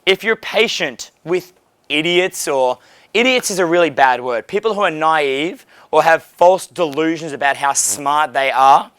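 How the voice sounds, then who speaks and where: Brief: male dating coach, crude and animated, slightly high voice, dry close sound. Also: clear, resonant tone, no room sound. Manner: blunt, profane, animated. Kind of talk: casual coaching monologue. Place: hotel.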